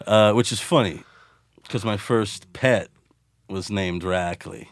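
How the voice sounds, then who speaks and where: A man co-hosting a casual movie podcast while high, joking and cursing with many restarts. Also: slow, no room sound, studio quality. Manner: profane, joking, rambling with restarts. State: high from marijuana. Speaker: podcast co-host. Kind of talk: casual chat.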